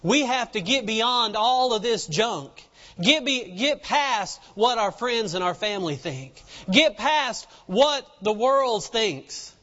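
A man preaches a sermon as a folksy story, acting out its characters as he goes. His voice sits high, pushed and bright, and the recording sounds dull and lo-fi with long reverb.

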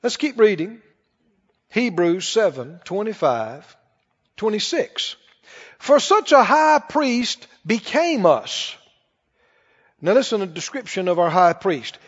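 A man's voice: high-pitched, big pitch swings, slow pace, long pauses. A man preaching a sermon to a congregation, asking the audience questions as he goes. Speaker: pastor. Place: large church hall. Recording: dull reverberant church recording.

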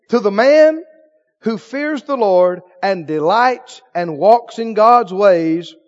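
A man's voice: high voice, a little mellow, long reverb tail, dull audio. A man preaching a sermon, acting out inner dialogue and calling for responses from the congregation. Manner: acts out inner dialogue with the audience in call-and-response.

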